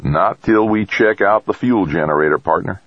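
A man's voice: sits low, normal speed, dry recording, lo-fi sound, pitched above the performer's own voice. A man voicing a folksy, wary male field hand with a drawling way of speaking. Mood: warning.

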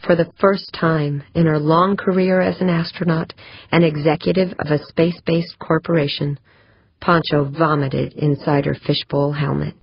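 Low female narrator, steady audiobook read, dry and slightly dull sound. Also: moderate pace, vocal fry, husky, no echo. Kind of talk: scripted narration.

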